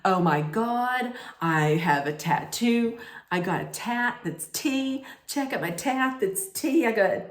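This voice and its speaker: A woman mocking a young woman who gushes about tea, in an excited, breathless, repetitive way. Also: on the high side, slow pace, echoey room, voice pushed up. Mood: gushing.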